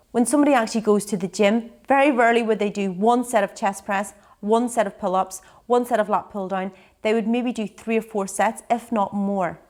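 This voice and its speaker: A woman's voice: a little high, a little mellow. A young woman, a fitness instructor explaining her training in a casual chat to camera, upbeat and explanatory.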